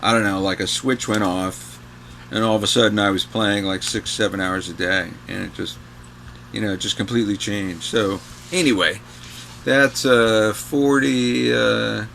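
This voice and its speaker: A man's voice: on the low side, steady tone, normal speed, vocal fry, a bit bright, slight background noise. A man in his sixties from New York, a guest guitarist telling rambling stories with many fillers and restarts. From New York, USA. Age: 60s. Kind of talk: casual anecdotal storytelling.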